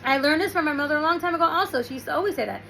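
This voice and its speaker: A woman with a high voice talks loosely and conversationally, often restarting sentences as she wanders through a story. Faint noise sits under the recording. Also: very fast, vocal fry, pushed and bright, rough recording. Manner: rambling, restarts, storytelling with quoted asides. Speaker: host. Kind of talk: casual advice talk.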